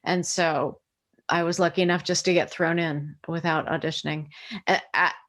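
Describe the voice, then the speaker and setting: A woman's voice: sits low, fairly even intonation, moderate pace, fairly bright tone. An American woman, a voice actor, recalling past work in a chatty, self-deprecating way. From United States. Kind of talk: casual interview recollection.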